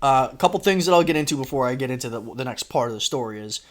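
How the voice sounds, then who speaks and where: A man co-hosting a podcast, telling a story in casual chat, animated and swearing, acting out quotes loudly. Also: mid-range voice, rapid-fire. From Florida, United States. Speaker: podcast co-host.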